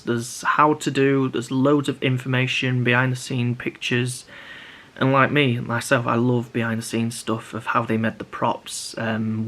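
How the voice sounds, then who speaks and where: A man's voice: medium pitch, fairly bright tone. A young man chatting casually to camera about building props, rambling with many restarts. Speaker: prop maker vlogger.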